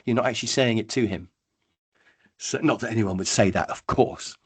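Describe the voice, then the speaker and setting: A middle-aged man giving a webinar training talk, telling stories in a lively way and acting out the people in them. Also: fairly low pitch, a little fast, breathy edge. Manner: lively storytelling, acts out quoted people. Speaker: workshop trainer.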